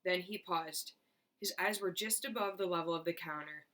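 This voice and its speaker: A woman's voice: lowish voice, moderate pace, a bit bright. Woman teacher reading a storybook aloud.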